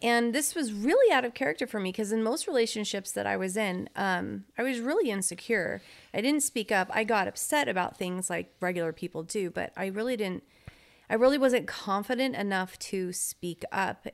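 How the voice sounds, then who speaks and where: A woman's voice: mid-range voice, moderate pace. A woman co-hosting a podcast in casual chat, teasing her partner and finishing his sentences. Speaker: podcast co-host.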